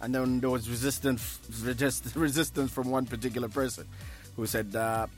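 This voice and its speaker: A man hosting a radio show in easy chat, pausing often with fillers. His voice sits at a middle pitch, with faint music behind him. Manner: relaxed, many fillers. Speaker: radio host. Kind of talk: casual chat.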